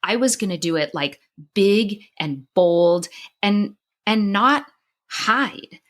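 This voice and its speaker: A woman's voice: medium pitch, expressive, slow pace. A middle-aged woman podcast host and psychologist, telling a personal story in conversation, candid and emotional with many restarts, crying at times.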